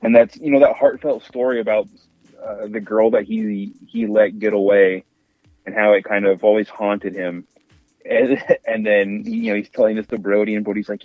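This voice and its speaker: A man co-hosting a podcast who retells film scenes with energy and acts out the characters in quick voices. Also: on the low side, no room sound, narrow, tinny audio. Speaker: podcast co-host. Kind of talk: casual film review chat.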